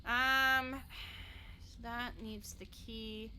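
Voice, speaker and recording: A woman's voice: a little high, flat delivery, extremely slow, bright, forceful tone, a little hiss or hum. A young adult woman streaming a game, chatting casually in a bubbly way, laughing often and swearing offhandedly. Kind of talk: casual live-stream chat while playing.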